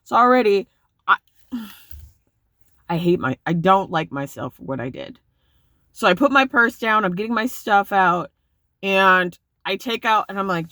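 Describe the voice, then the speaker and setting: A woman's voice: medium pitch, normal speed, pushed and bright, no room sound, studio quality. A woman talking casually to camera in a vlog, rambling and self-critical, swearing freely. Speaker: vlogger.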